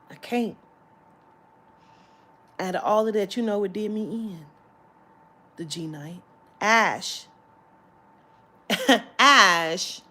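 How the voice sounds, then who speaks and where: A woman's voice: mid-range voice, pushed and bright. A woman vlogger telling a story in a heated, profane rant that breaks into laughter.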